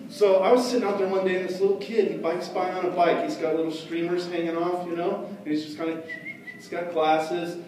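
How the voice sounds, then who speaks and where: A man tells a story live to children, chatty and checking in with questions. His voice sits a little high. He sounds far from the mic in a very echoey hall with noise behind. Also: fairly even intonation, fairly quick, a little mellow. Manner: chatty, asks the audience questions.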